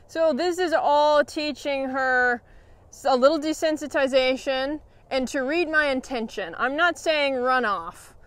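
Speaking in a calm, encouraging tone, a female horse trainer walks through a training session and frequently praises her horse. Her voice sits high.

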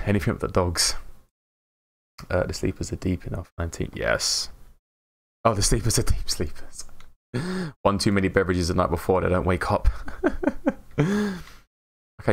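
Low gravelly English streamer. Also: male voice. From England. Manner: chatty and upbeat, greets chat by name, laughs often. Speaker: game streamer. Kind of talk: casual live-stream chat while gaming.

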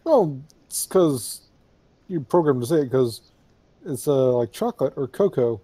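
A man's voice: medium pitch, lively intonation, measured pace, mellow, breathy edge, no echo. A man co-hosting a game let's play, rambling and joking in casual chat. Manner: rambling, joking, fillers and restarts.

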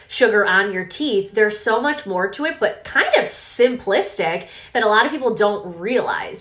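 A young woman vlogging in a casual, animated storytelling way, often acting out what people said. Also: mid-range voice. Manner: chatty, animated, with quoted reenactments.

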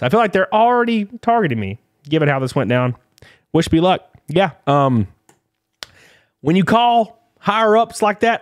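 High, lively-voiced man ranting, dry close mic. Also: no room sound. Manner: exasperated, blunt, swears casually. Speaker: streamer commentator. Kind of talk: reading posts aloud and ranting.

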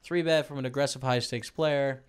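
A man's voice: mid-range voice, fairly even intonation, normal speed, clear, resonant tone. A man casually talking to his viewers over a poker broadcast, rambling and chatty.

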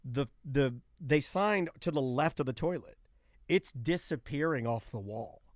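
A man co-hosting a radio show, telling stories with deadpan delivery and working up theories in casual banter. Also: mid-range voice, measured pace, dry recording, clean studio sound. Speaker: co-host. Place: radio studio.

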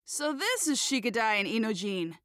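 A woman's voice: on the high side, big pitch swings, normal speed, a bit bright, dry recording, studio quality. A woman voicing a brash, cocky teenage boy ninja in a game cutscene, playful and teasing. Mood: breezy. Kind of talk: video game cutscene dub.

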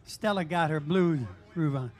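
A man's voice: on the high side, moderate pace. A man emceeing a live bar stage into a handheld mic, joking loosely and calling people up. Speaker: emcee of a jam. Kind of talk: casual stage banter.

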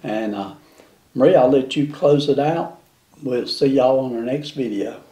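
Man, home cook, mellow low-key tone, talks slow and homey, roomy kitchen echo. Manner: relaxed and homey, drawling with fillers. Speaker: co-host of a home cooking channel. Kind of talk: casual chat during a taste test.

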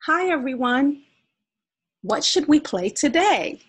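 A woman voicing a cheerful, proud young male sun in a storybook, calling out loudly and eagerly. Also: sits high, big pitch swings, takes it slowly, pitched above the performer's own voice, exaggerated voice. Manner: loud and eager, bright calls.

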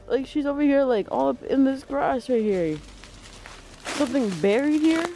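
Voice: sits high, normal speed, warm tone, soft background music. A vlogger walking through woods with a handheld camera, exclaiming and calling to pets. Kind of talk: casual outdoor walking vlog. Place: outdoors in woods.

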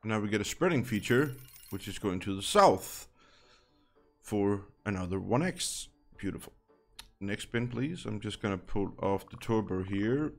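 A man's voice: on the low side, animated, measured pace, vocal fry, soft background music. A man giving casual, chatty commentary while playing a slot game, thinking aloud and dropping wry asides.

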